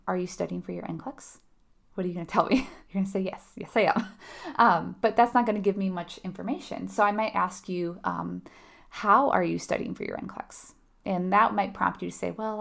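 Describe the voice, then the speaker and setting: Female exam tutor, gravelly edge, chatty, quizzes her class as she goes. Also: medium pitch. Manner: conversational, asks the audience questions, laughs lightly. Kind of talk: live online teaching.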